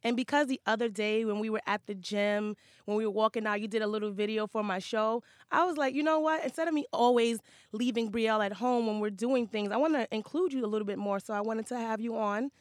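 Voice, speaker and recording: A woman's voice: a little high, brisk, few pauses, no room sound, studio quality. A woman in her thirties hosting her own podcast, chatting casually and upbeat. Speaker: podcast host. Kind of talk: casual chat.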